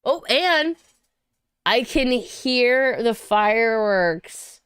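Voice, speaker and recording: A woman from Saint Louis hosting a casual livestream, chatty and quick to laugh and cheer, on a close home mic. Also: fairly high pitch, lively intonation, fairly bright tone, smooth, dry recording. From Saint Louis, USA. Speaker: livestream host.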